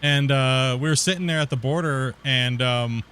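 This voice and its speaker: A male gaming streamer chats while he plays, rambling through a story with plenty of "dude" and "bro." His voice sits at an ordinary middle pitch. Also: normal speed, clear, resonant tone. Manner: rambling, animated retelling with slangy "dude" and "bro".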